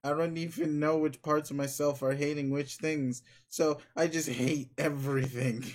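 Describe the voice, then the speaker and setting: A fused mutant abomination from a video game, full of self-loathing and bitterness. It stumbles through its words in halting, angry rants, as a man reads it out. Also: on the high side, fairly even intonation, lightly acted. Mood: bitter.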